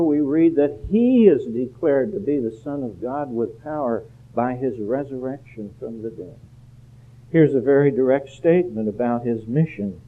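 A male pastor delivers a sermon in a mid-pitched voice, earnest and measured, climbing to forceful emphasis on his main points. The recording is narrow and tinny, like sound heard over a telephone. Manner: earnest, rises to emphatic peaks. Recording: phone-like narrow band.

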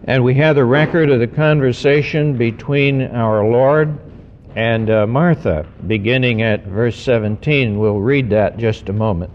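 A man's voice: medium pitch, slight background noise. Man preaching in a reverberant church. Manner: measured, earnest preaching with slowed emphasis. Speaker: pastor. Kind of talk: sermon. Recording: dull recording with long hall reverb.

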